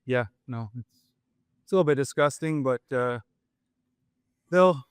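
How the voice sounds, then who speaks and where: A man's voice: medium pitch, unhurried, clean tone, no echo. A man talking as a guest on a podcast, hesitant with many fillers and holding back frustration. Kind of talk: casual podcast chat.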